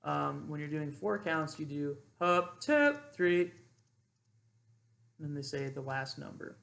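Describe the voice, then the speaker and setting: A man's voice: on the high side, fairly even intonation, a little slow, gravelly, a bit bright. A young man, a cadet, casually explaining how to call exercises and demonstrating drill cadence. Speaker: ROTC cadet instructor. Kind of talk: informal instructional explanation.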